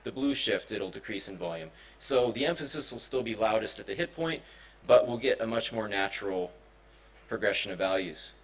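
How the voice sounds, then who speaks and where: A man's voice: fairly low pitch, animated, normal speed, rough recording. A man giving a conference presentation on simulation and music, talking casually with many fillers and restarts. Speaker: conference speaker. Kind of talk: technical presentation. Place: conference hall.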